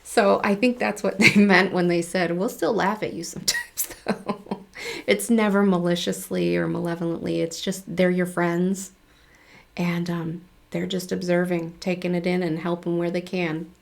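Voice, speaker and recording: A woman's voice: lowish voice, little pitch movement, normal speed, gravelly. A woman hosting her own channel, talking casually to viewers, chatty, laughing often and acting out little exchanges of dialogue. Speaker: spiritual channel host. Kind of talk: casual talk to camera.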